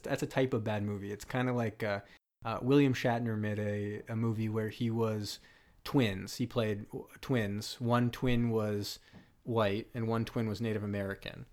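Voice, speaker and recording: A man with a slightly low voice chats casually about movies on a podcast. He rambles and gets animated, laughing often between his points. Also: moderate pace. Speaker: podcast co-host.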